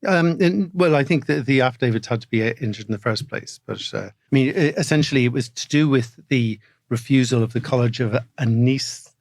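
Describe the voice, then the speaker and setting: A man's voice: medium pitch, a little fast, hardly any pauses, a little mellow, no echo. A man co-hosting a legal podcast in a studio, explaining cases hesitantly with many restarts. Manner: hesitant, with frequent restarts and stammers. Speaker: podcast co-host, barrister. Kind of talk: casual legal podcast chat.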